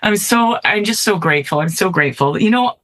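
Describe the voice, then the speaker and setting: A woman's voice: mid-range voice, animated, brisk, a bit bright. Earnest middle-aged woman telling a story. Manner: earnest, reflective, often adds "right?". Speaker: podcast guest. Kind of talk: storytelling in conversation.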